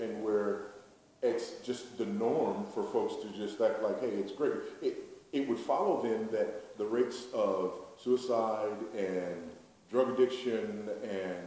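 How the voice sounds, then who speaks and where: A man's voice: fairly low pitch, darkish tone. Emphatic preacher man in an echoey hall. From United States. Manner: emphatic, rhetorical, repeats key lines. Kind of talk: sermon. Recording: very echoey hall, distant mic, faint noise.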